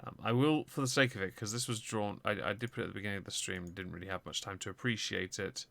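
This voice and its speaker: A man hosting a casual livestream with a gravelly, bright, low voice. He speaks in a dry, teasing way, and the sound is close and dry. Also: steady tone, quick pace, dry recording. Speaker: stream host. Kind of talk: casual political livestream chat.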